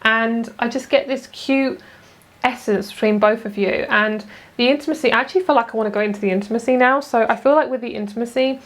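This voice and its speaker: A woman's voice: fairly high pitch, quick pace. A young woman giving a chatty, gushing tarot reading, swearing now and then for emphasis. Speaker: tarot reader. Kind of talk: casual tarot reading monologue.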